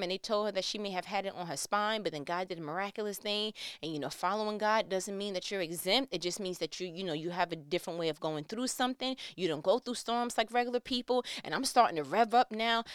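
A middle-aged woman tells a personal story in a casual, conversational way, her voice smooth and clear. She swings from hushed, near-whispered passages to loud, emphatic bursts, and the sound is dry and close. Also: medium pitch, no room sound. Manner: faith-filled, conversational. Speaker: vlogger telling a personal story.

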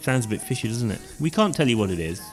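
A man co-hosting a casual podcast, animated and reading facts aloud with hesitant restarts. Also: medium pitch, fast talker, soft background music. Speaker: podcast co-host.

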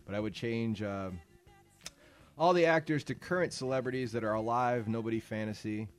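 A man co-hosting a casual comedy podcast, loud and profane, laughing often. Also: medium pitch, normal speed, soft background music. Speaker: podcast co-host.

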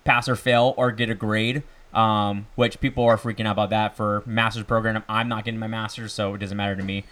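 A man's voice: on the low side, little pitch movement, a bit bright. A man in his twenties, a student and bartender, chatting casually as a podcast guest and telling stories with lots of "like" and "literally". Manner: chatty, fast storytelling with "like" and "literally".

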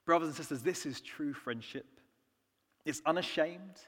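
Earnest British preacher in echoing church. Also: male voice, fairly high pitch, normal speed. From United Kingdom. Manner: earnest, swings from soft to emphatic. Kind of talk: sermon. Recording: long church reverb.

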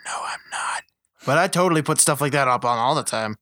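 A man's voice: mid-range voice, animated, fast talker, fairly bright tone, no echo, clean studio sound. A man co-hosting a casual movie-review podcast, blunt and sarcastic, swearing freely. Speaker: podcast co-host.

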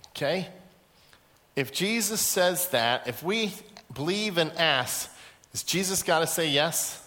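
A man's voice: sits high, measured pace. A male pastor preaching a sermon in a large auditorium, telling stories and acting out the voices in them. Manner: lively storytelling, acts out quoted voices. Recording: echoey hall.

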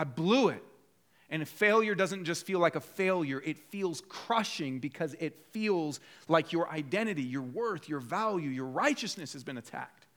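Conversational preaching man, a little higher voice. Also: a bit bright. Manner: conversational preaching, rising to emphatic voicing of inner thoughts. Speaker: pastor. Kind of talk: sermon. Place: church.

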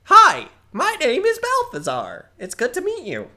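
An excitable young goblin sorcerer chatters in a high, squeaky voice, rambling nervously about his order. The tone is bright and tense, with a slow, halting pace between bursts. He sounds keen to please in a tabletop game. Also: heavily acted. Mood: eager.

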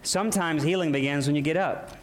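A man preaches a sermon with a voice that sits a little high for a man. He calls out to his listeners, and his emphasis rises and falls as he works through each point. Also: fairly quick, slight background noise. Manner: preaching with call-and-response asides and shifting emphasis. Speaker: pastor.

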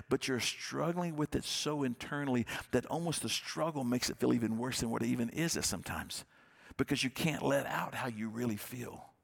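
A man's voice: mid-range voice, brisk, creaky, hardly any pauses. A male pastor giving a sermon in an earnest, conversational way, often repeating his phrases.

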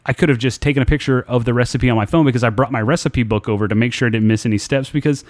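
A man in casual chat with a co-host, spinning a long rant full of swearing and exasperation. He stumbles and restarts as he goes. His pitch and pace sit right in the ordinary middle for a man. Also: rapid-fire. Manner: profane, exasperated storytelling with lots of restarts.

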